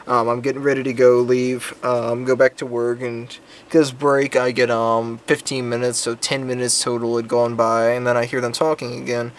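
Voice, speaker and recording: A man's voice: medium pitch, little pitch movement, moderate pace. A young man chats to his viewers in a loose, rambling vlog, swearing freely and stumbling through ums and self-corrections. His voice sits in an ordinary middle register, and he tells stories with crude asides. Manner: profane, rambling, crude jokes; frequent ums and restarts. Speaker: vlogger. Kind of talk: casual storytelling vlog.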